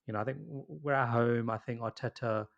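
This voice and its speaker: A man's voice: medium pitch, brisk, creaky, muffled recording. A young man co-hosting a football podcast, speaking hesitantly with many you-knows and restarts. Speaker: podcast co-host. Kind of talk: casual football chat.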